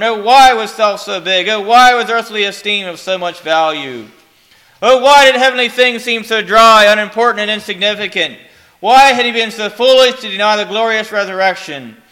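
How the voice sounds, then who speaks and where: A man's voice: sits high, sharp tone. A man preaching a dramatic sermon, telling a story with emphatic, rhetorical questions.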